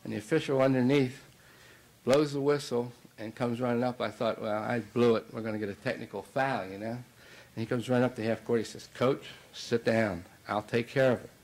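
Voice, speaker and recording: A man's voice: mid-range voice, steady tone, brisk, darkish tone, poor audio. A middle-aged man, a basketball coach, telling a long anecdote in a banquet speech, with many fillers and restarts. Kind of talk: anecdotal after-dinner speech.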